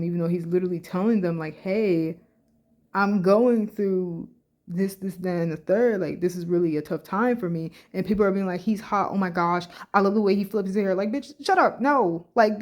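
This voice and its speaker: A woman's voice: lowish voice, darkish tone. A woman vlogging casually as she reads social media posts aloud and reacts bluntly, with plenty of slang and swearing. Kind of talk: casual reaction vlog, reading comments aloud.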